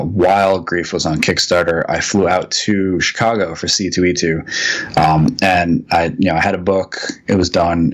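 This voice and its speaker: A man, a comics writer, telling a long anecdote as a podcast guest, rambling with frequent ums and restarts. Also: low voice. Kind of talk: casual storytelling in a podcast interview.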